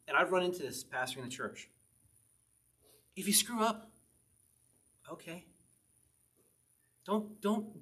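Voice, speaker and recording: With a fairly bright voice that sits on the high side, a man leads an evening Bible study as pastor. He reads the psalms aloud and explains them loosely and conversationally, laughing frequently in this informal teaching session.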